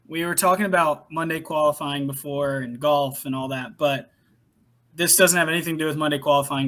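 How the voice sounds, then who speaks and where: A man's voice: fairly high pitch, fairly bright tone. A young man co-hosting a podcast, chatting casually and laughing as he tells a story about his sales job. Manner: chatty, laughs while telling a work story. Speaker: podcast co-host. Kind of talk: casual chat.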